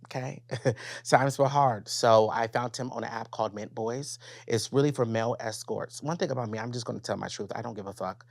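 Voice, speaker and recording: A young man hosting a solo podcast, telling a personal story in a candid, profane, animated way and talking straight to his listeners. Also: mid-range voice, fairly quick, creaky, no echo. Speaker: podcast host.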